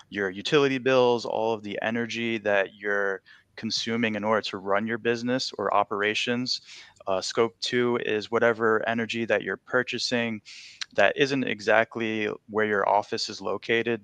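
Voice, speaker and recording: A young man with a low, gravelly voice explains his internship work on a panel. He stays steady and earnest and uses plenty of fillers, recorded dry and close. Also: dry recording.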